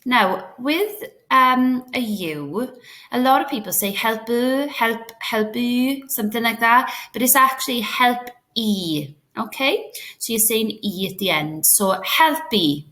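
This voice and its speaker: A woman's voice: on the high side, animated, a little slow, pushed and bright. A woman teacher giving a recorded lesson to children, patient and step by step, with many fillers and check-ins. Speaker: Welsh teacher.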